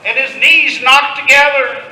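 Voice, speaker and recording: Playful high-voiced male storyteller. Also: fairly even intonation, a little slow, background noise. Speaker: storyteller leading an audience skit. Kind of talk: narrating a participation skit to a live audience. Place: large room with an audience. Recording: echoey room sound.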